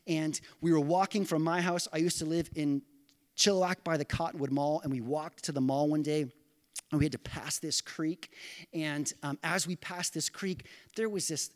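A middle-aged pastor preaching a sermon, telling a personal story with earnest, conversational asides to the congregation. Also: male voice, fairly high pitch.

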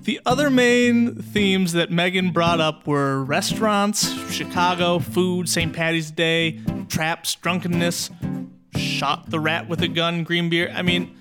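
A male co-host recapping a story's themes with quick enthusiasm. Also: high voice. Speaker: show host. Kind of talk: summarizing and judging a story. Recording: music playing behind.

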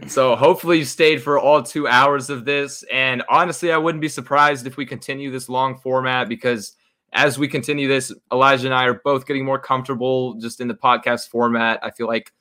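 A man's voice: mid-range voice, steady tone, brisk, sharp tone. A young man co-hosting a casual sports podcast, easygoing and moving the talk from topic to topic. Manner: easygoing, steers to next topic. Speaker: podcast co-host.

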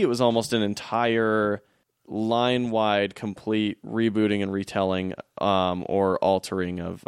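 A man's voice: lowish voice, smooth, dry recording, studio quality. A man co-hosting a casual podcast chat, teasing his friend and laughing often. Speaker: podcast co-host.

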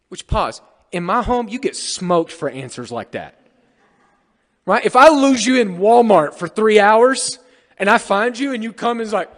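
A man with a high voice preaches a sermon to his church, animated and full of jokes aimed at the congregation. His voice rings out with a long reverb, as if it were filling a church sanctuary. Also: moderate pace. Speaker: pastor.

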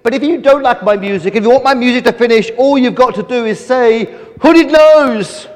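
A man's voice: extremely high pitch, moderate pace, big-room sound, voice pushed up. A man voicing a boastful, taunting male villain with a huge nose in a storybook tale, delivered theatrically. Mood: gloating.

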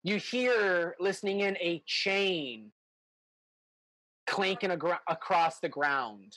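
A man running a tabletop game as game master, narrating in a relaxed, halting way. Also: high-pitched, no echo, poor audio. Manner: relaxed, hesitant narration with fillers.

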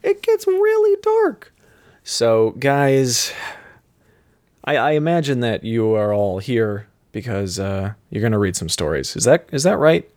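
Man, podcast host, theatrical and excitable, very lively pitch, playful banter. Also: unhurried. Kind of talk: playful banter, mock-scared.

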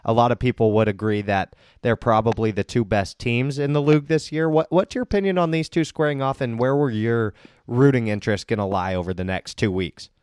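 A man's voice: medium pitch, a little fast, darkish tone, clear, resonant tone, no echo, clean studio sound. A man hosting a casual podcast, joking and teasing his guests and laughing often. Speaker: podcast host and league commissioner.

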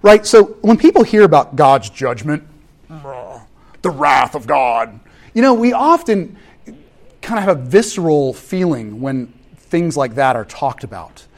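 Animated male preacher, thirties, wide-ranging and slightly high delivery, storytelling sermon. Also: a little slow. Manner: animated, acts out family scenes with voices. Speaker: pastor.

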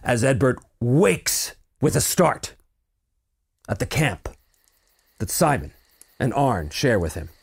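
A man's voice: mid-range voice, very animated, takes it slowly, gravelly, long pauses, slightly rough. A man narrating a tabletop role-playing game as game master, telling the story dramatically with fillers and restarts.

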